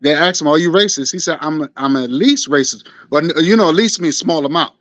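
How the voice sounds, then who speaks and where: A man speaks bluntly and casually in a group chat, with plenty of profanity. His voice is high for a man, and the sound is dry and close. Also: fairly quick, fairly bright tone, no room sound. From New York. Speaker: discussion participant.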